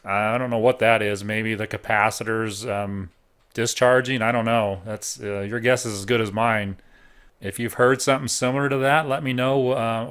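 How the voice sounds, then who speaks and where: A middle-aged man giving a relaxed, casual review of computer hardware at home, thinking out loud with frequent pauses. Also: medium pitch, clear, resonant tone. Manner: relaxed, thinking aloud with fillers. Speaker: tech reviewer.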